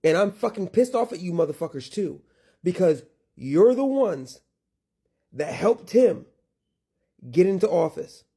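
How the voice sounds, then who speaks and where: A man with a mellow, slightly raised voice rants indignantly. He fires off rhetorical questions and swears as he goes. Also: high voice, big pitch swings, a little slow, gravelly, long pauses, breathy edge. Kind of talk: angry political rant.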